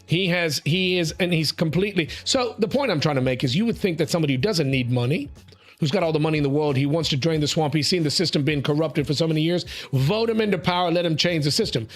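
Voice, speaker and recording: Male talk host, slightly high voice, emphatic and interrupting, faint music bed. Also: quick pace. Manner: animated, emphatic, interrupts, calls people mate and sweetie; repeats words when building a point. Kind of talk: opinionated panel talk.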